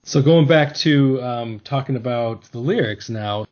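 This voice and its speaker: A man's voice: medium pitch, measured pace, darkish tone, dull audio, slight background noise. A man hosting a casual podcast discussion, talking thoughtfully and hesitantly with many restarts. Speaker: podcast host.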